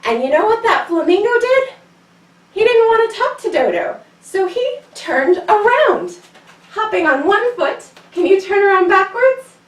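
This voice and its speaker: Woman, kids yoga teacher, playful storytelling, sing-song, high voice, echoey room from a distance. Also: very animated, measured pace. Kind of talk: storytelling yoga class for children.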